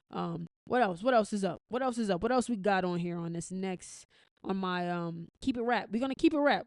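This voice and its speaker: A woman's voice: mid-range voice, darkish tone, no room sound. An American woman hosting a podcast, giving blunt, profane commentary in a casual, opinionated way with frequent restarts. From United States. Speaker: podcast host.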